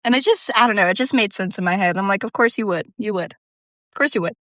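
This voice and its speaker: A woman's voice: medium pitch, quick pace, fairly bright tone, no echo, studio quality. A young woman telling a casual storytime rant about work, sarcastic, swearing and laughing often. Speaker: vlogger.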